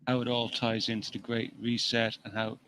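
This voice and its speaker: A man's voice: medium pitch, level tone, moderate pace, fairly bright tone, slight background noise, poor audio. A man co-hosting a casual talk show, rambling with frequent restarts and swearing freely as he reads long passages from an article. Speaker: podcast co-host. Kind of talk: casual chat, reading an article aloud.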